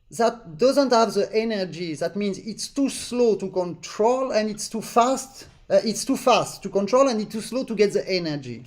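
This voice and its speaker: In an online lesson stream, a man with a high, slightly mellow voice teaches an accordion master class. He is earnest and demonstrative, repeating points for emphasis and singing rhythms in syllables.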